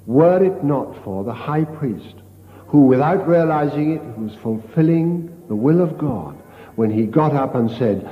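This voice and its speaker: An older man, a priest, giving a retreat meditation as a slow, storytelling sermon with hushed quoted lines. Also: medium pitch. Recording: dull lo-fi tape in a reverberant hall.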